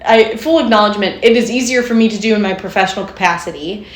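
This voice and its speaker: A woman's voice: medium pitch, fast, echoey room. A woman co-hosting a podcast as a therapist, talking casually and explaining with lots of "like" and "right?". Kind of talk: casual chat.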